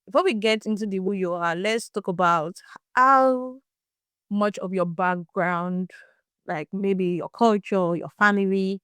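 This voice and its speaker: A young woman from Nigeria with a Nigerian accent, hosting a podcast and telling a story in casual, animated chat. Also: mid-range voice, clear, resonant tone, no echo. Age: young adult. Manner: animated, laughs and restarts often. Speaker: podcast host.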